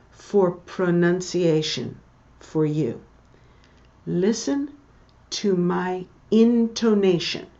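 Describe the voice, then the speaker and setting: A woman teaching English, reading a text aloud slowly and explaining words and intonation to her learners. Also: medium pitch, darkish tone, muffled recording. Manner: slow, deliberate reading with pronunciation comments.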